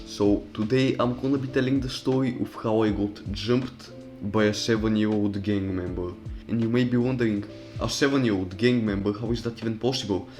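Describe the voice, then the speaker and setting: A man's voice: on the low side, fairly even intonation, a little fast, darkish tone, faint music behind. A young man casually telling a personal story over gameplay, profane and rambling, with loose restarts. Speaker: storytime commentary YouTuber.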